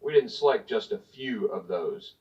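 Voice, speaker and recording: A man's voice: lowish voice, lively intonation, normal speed. A man from Tennessee, a congressman giving pointed, partisan prepared remarks at a hearing while reading from notes. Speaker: congressman questioning a witness. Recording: distant, dull hearing-room audio.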